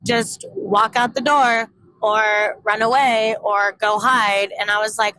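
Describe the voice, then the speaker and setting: A young woman vlogger telling a candid personal story, frank and animated, swearing freely and acting out what people said. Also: fairly high pitch, takes it slowly, poor audio.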